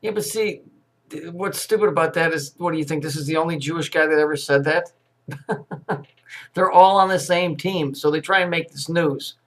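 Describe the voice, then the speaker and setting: Guy ranting over news clips, swearing a lot, sarcastic and mocking, voice a bit on the high side. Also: normal speed, fairly bright tone. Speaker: commentator reacting to news clips. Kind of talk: profane ranting commentary.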